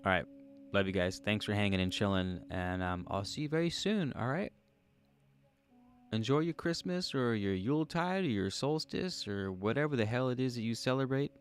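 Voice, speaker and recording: This livestream host has a smooth, medium-pitched voice at normal speed, with faint music in the background. He reads out viewer comments, chatting casually, joking and thinking aloud in a laid-back manner.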